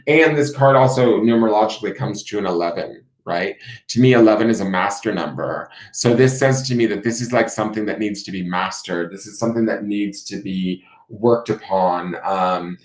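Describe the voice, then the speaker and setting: Low-voiced man reading tarot, echoey room. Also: normal speed, few pauses. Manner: musing, intuitive, many fillers and "right?". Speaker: tarot reader. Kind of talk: live-streamed tarot reading.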